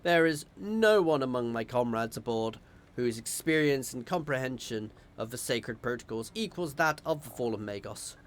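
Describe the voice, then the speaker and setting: A man's voice: mid-range voice, animated, normal speed, close to an everyday voice. A man voicing a devout, solemn male machine priest, reading game dialogue in a ceremonial way. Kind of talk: video game voice-over reading.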